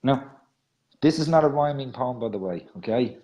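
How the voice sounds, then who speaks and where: A male radio host who reads rhyming poems with softly trailing line ends, then chats in a self-mocking way between readings. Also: mid-range voice, animated, moderate pace, lo-fi sound. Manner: soft, trailing ends of lines. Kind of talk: reading rhyming poetry and chatting.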